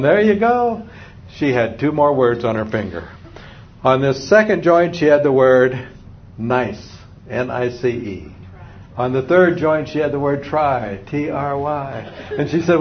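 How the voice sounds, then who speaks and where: A man's voice: medium pitch, expressive, moderate pace. A man giving a live parenting seminar to an audience, wry and humorous, acting out little parent-and-kid dialogues. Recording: dull lo-fi recording with faint noise.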